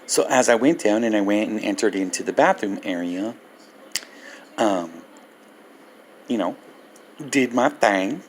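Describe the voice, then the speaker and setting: Older male vlogger, gravelly grain, warm animated storyteller. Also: on the low side, measured pace, pauses often, slight background noise. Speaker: Christian ministry vlogger. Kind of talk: personal storytelling testimony.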